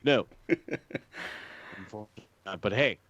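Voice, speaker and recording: A man co-hosting a wrestling podcast in casual chat, swearing a lot and retelling scenes in animated quoted voices. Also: fairly low pitch, moderate pace, no echo, dull audio. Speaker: podcast co-host.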